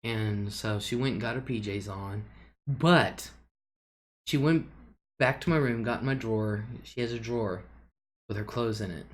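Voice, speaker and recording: A woman's voice: rumbling low, normal speed, long pauses. A woman hosting a casual livestream, chatting loosely, reading viewer comments aloud and laughing often. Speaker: livestream host.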